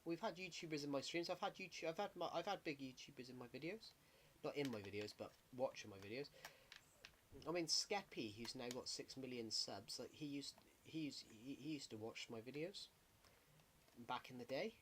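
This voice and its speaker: A man rambles through casual livestream chat while he plays a game, often stopping to correct himself mid-sentence. His voice sits at an ordinary middle pitch. Faint keyboard clicks tick along behind him. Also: normal speed, a bit bright, slight background noise. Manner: rambling, self-correcting, chatty. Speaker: gaming livestreamer.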